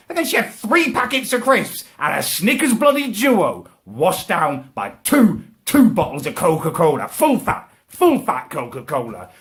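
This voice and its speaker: Ranting man, lively pitch. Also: moderate pace, few pauses. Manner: furious ranting, swearing, petty indignation. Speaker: comedic vlogger. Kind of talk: angry ranting vlog.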